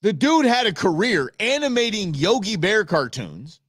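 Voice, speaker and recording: A middle-aged man from Southern California, hosting a show and telling stories in a casual, animated, exclamatory way. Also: sits high, normal speed, husky, no room sound, studio quality. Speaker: show host. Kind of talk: casual storytelling chat.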